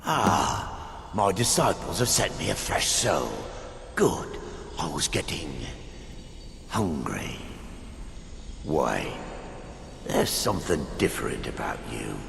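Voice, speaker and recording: A man voicing a hungry, menacing male spirit that devours souls in a game, with a deep gravelly growl and a long echo around it. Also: sing-song, slow pace, pauses often, background noise, full character voice. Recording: echoey reverberant game audio.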